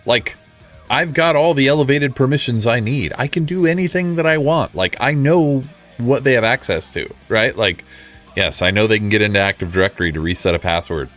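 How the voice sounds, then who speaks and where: A man's voice: medium pitch, brisk, a bit bright, faint music behind. A man streaming casually, rambling and frustrated, mocking himself as he chats with viewers. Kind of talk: casual live-stream chat.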